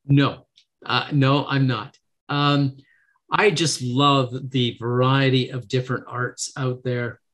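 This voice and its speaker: A man's voice: medium pitch, steady tone, takes it slowly, a bit bright. A middle-aged man, a guest on a podcast interview, talking in an earnest, motivational way and acting out quotes in a lifted voice. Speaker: podcast guest, negotiation trainer. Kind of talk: casual interview.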